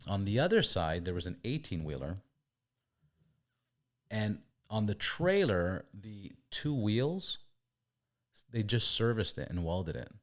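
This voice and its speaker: A man hosting a casual podcast, telling stories in an animated way. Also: lowish voice, slow pace, long pauses. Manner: animated storyteller. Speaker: podcast host.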